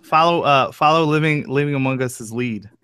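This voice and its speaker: A man's voice: medium pitch, moderate pace, crowd noise. An easygoing man hosting a stream, chatting casually and laughing often. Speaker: stream host. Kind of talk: casual chat.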